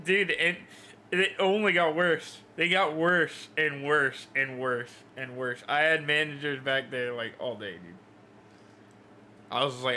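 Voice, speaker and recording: Young guy ranting on stream about a rude customer, kinda high voice, super bright, curses a lot. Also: a little slow, long pauses, a little hiss or hum. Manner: exasperated, profane, with many fillers. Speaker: livestreamer. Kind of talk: casual storytelling rant.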